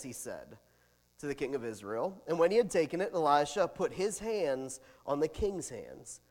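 Guy preaching in a big echoey hall, high voice, really lively. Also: normal speed. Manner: animated preaching with swings in loudness and asides. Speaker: pastor. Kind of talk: sermon.

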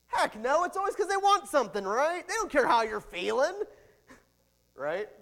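Guy preaching in a big echoey hall, high voice, really lively. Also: a little fast. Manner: animated preaching with swings in loudness and asides. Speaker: pastor. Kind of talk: sermon.

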